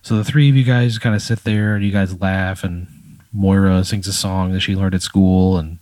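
A man's voice: low voice, steady tone, moderate pace, darkish tone, no room sound. A man narrating a tabletop game as game master, in a casual, profane storytelling manner.

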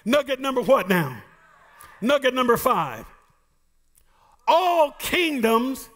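A man preaching a sermon as pastor, shouting and half singing his lines with playful asides to the congregation. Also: very high-pitched, sing-song, takes it slowly, long pauses.

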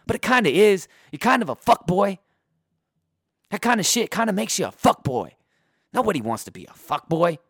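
A man tears through a profane sports rant in a slightly higher voice, his throat getting hoarse. He bursts out loud, then drops to a low mutter. The sound is dry and close, with no room echo. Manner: heated, profane, swings between loud outbursts and low muttering. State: voice going hoarse. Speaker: sports podcaster. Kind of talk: profane ranting sports commentary. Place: indoors.

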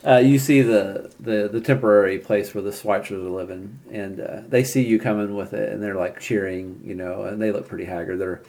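A man narrating a tabletop game as game master, relaxed and often chuckling. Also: fairly low pitch, a little fast, few pauses.

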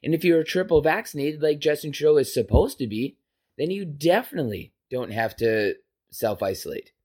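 A man's voice: on the high side, animated, moderate pace, a little mellow, breathy edge. A man hosting a podcast, delivering an impassioned, emphatic political rant with profanity. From Canada. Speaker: podcast host. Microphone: podcast microphone.

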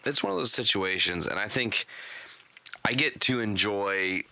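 A man's voice: lowish voice, a little slow, sharp tone, slight background noise. A man in casual chat, chiming in with wry, swearing remarks.

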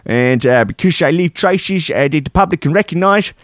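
A man's voice: on the high side, expressive, normal speed, fairly bright tone, no room sound, clean studio sound, pitched above the performer's own voice. A man voicing a Dutch male prosecutor in a put-on Dutch accent, reading an official announcement in an exaggerated, sing-song way. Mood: officious.

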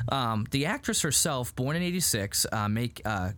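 A man hosting a casual chat, recapping a show in an animated, rambling way full of "like". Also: medium pitch, moderate pace. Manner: animated, rambling, heavy use of "like". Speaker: podcast host recapping a show.

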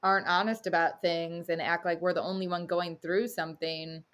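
A woman's voice: fairly low pitch, little pitch movement, moderate pace, a bit bright. A woman co-hosting a podcast, speaking candidly and openly in casual chat. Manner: candid, open, talks through feelings. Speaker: podcast co-host.

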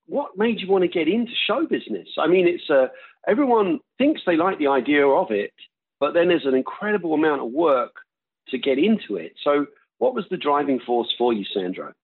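A man's voice: fairly high pitch, very animated, a little fast, husky. Man's voice on a tinny line. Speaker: interview host. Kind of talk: interview questions.

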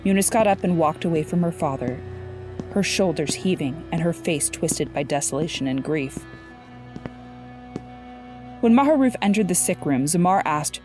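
A woman narrating a story in a steady, even-paced scripted reading. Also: fairly low pitch, moderate pace, pauses often. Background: faint music.

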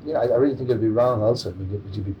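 A man's voice: mid-range voice, racing, lo-fi sound. An Irish man in his forties, a comedian being interviewed, joking and rambling with many restarts. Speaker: comedian guest. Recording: distant mic with faint noise.

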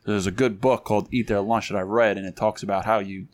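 A man hosting a cigar podcast, chatting casually with his guest and explaining things in a relaxed way. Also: lowish voice, quick pace.

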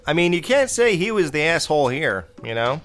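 A man's voice: a little high, sing-song, brisk, a bit bright, soft background music. A man hosting a casual film review podcast, blunt and opinionated, rambling with fillers as he recaps scenes. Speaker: podcast host.

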